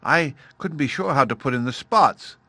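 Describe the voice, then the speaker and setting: A man voicing an excitable little cave girl in a storybook reading, eager and bubbly. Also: mid-range voice, moderate pace, no room sound, pitched above the performer's own voice. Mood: fretful.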